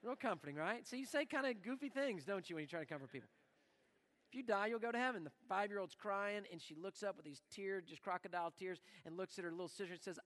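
A man preaching a sermon as pastor in a church, animated and acting out the prayers he quotes. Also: high-pitched, quick pace. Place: church sanctuary. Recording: long reverb of a church hall.

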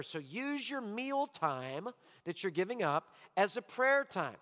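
A middle-aged man delivers a sermon with a high, ringing voice and bright, forceful edge. He drives his points home by repeating them. The sound carries a long hall reverb, as in a large church auditorium. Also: sing-song, moderate pace. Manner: emphatic, repeats key lines, acts out listeners' voices. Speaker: pastor.

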